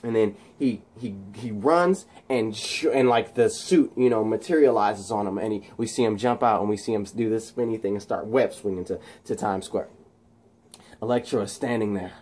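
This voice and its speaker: A man casually retelling a movie plot, rambling excitedly with many restarts. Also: lowish voice, moderate pace. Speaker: channel host.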